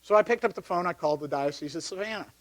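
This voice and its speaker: A middle-aged man, a deacon, telling his personal story to a parish gathering, lively when he recounts the yelling. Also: high voice, very fast. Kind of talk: personal testimony talk. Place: parish hall.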